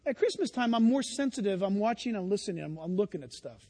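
High-voiced male pastor preaching. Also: lively intonation, fast talker, dark tone, big-room sound. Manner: conversational storytelling, rhetorical questions to the congregation. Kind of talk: sermon.

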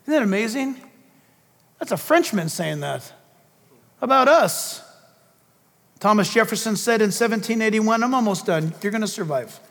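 A fervent male preacher with a very high voice delivers an emphatic political sermon. He presses on with rhetorical questions and repeated phrases, and his words ring out with a long reverb in a large hall. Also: animated, normal speed, long pauses, a bit bright.

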